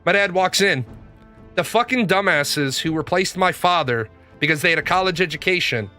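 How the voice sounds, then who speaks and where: A man with a fairly high, bright and forceful voice hosts a casual gaming stream. He talks bluntly, swears freely and rambles through his stories. Faint music plays behind him. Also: animated, moderate pace. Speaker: gaming show host. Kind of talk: casual livestream storytelling.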